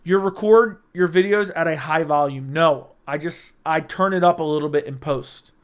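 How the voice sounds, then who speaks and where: A young man hosting a casual livestream from a room at home, talking close into a studio mic, joking and crude, with sudden loud bursts. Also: fairly high pitch, normal speed, clear, resonant tone. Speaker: livestream host. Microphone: close studio mic with audio interface.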